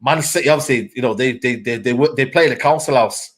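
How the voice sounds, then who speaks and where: A man co-hosting a casual football chat on a live stream, excitable and peppering his talk with "man" and "mate". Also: medium pitch, fast. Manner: excitable, fills lines with "man", "mate" and "bro". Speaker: co-host, football fan.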